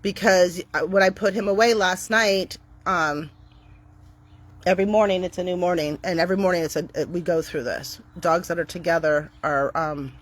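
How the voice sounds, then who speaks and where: A middle-aged woman talking casually to camera outdoors on her property, chatty and upbeat, switching to a bright cheery voice when she greets her dogs. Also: lowish voice, fairly even intonation, moderate pace. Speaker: dog owner vlogger.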